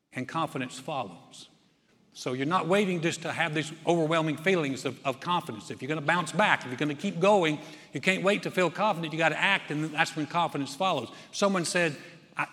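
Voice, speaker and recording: A man's voice: on the high side, a bit bright. Folksy male preacher in a reverberant hall. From North Carolina. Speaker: pastor. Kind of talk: sermon.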